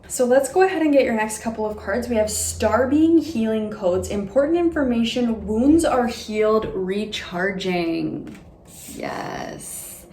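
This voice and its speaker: A woman's voice: mid-range voice, a little mellow, a little hiss or hum. Reassuring woman giving a tarot reading. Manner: reassuring, flowing, many "like" fillers. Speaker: tarot reader. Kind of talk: intuitive tarot reading to camera. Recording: roomy room with faint ambience.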